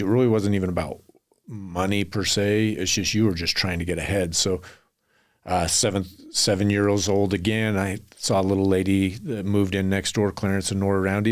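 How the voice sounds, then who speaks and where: A man's voice: low-pitched, level tone, a little fast. A middle-aged man from Utah, a podcast guest telling long rambling anecdotes and acting out the people in them. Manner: rambling anecdotal storyteller, acts out quotes. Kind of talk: storytelling in a podcast interview.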